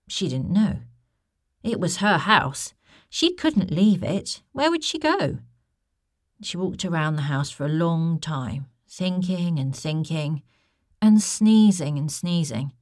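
Casting: woman storyteller, low voice, dry close sound, animated bedtime reading. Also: creaky, no room sound. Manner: lively, expressive, asks the listener questions.

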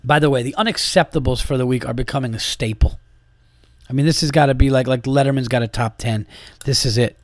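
A man's voice: mid-range voice, steady tone, fast talker, no echo. A man hosting a podcast, delivering an exasperated, profane monologue in a casual ranting way. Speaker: podcast host and comedian.

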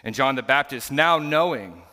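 Bright-voiced pastor in a reverberant church. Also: male voice, mid-range voice, lively intonation, moderate pace. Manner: earnest and explanatory, teaching scripture plainly. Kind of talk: conversational sermon. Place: church sanctuary.

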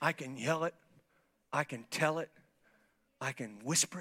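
A man preaching an impassioned evangelistic sermon as a pastor in a church, swinging between shouts and hushed near-whispers. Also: fairly high pitch, measured pace, pauses often, slightly rough.

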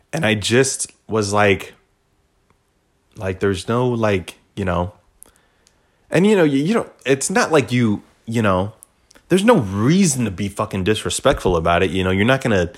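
A man's voice: lowish voice, very animated, a little slow. A young man hosting a solo podcast, rambling casually with lots of profanity, fillers and restarts. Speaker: podcast host.

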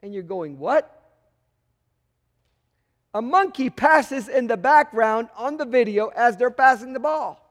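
A man's voice: extremely high pitch, expressive, moderate pace, hardly any pauses. A man preaching a sermon as pastor, conversational and full of rhetorical questions, acting out the voices he quotes. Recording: long reverb of a large hall.

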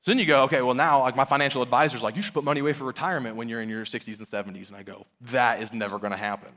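A man's voice: medium pitch, rapid-fire, a bit bright. A man in his thirties preaching a sermon, earnest and conversational, often using casual fillers. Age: 30s. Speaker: pastor.

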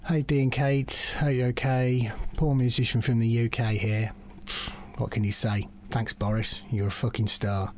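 Rambling caller with a southern English accent. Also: male voice, mid-range voice, flat delivery, a little slow, a little mellow. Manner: chatty, rambling, swears casually. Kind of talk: recorded voicemail call.

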